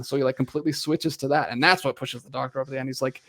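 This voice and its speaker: A man's voice: mid-range voice, steady tone, rapid-fire, few pauses, fairly bright tone. A man co-hosting a film podcast, chatting casually and acting out characters' lines as he retells scenes. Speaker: podcast co-host.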